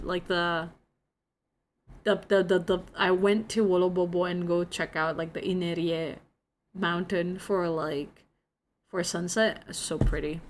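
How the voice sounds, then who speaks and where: A woman's voice: mid-range voice, a little hiss or hum. A young woman from Indonesia, chatting casually on a livestream and greeting viewers by name. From Jakarta, Indonesia. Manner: bubbly, greets chat by name. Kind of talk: casual stream chat.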